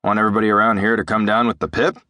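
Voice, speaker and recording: A man's voice: on the low side, flat delivery, racing, pushed and bright, no room sound. A man voicing a blunt, teasing elderly male doctor in an audiobook. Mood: brusque. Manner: brusque, dryly joking.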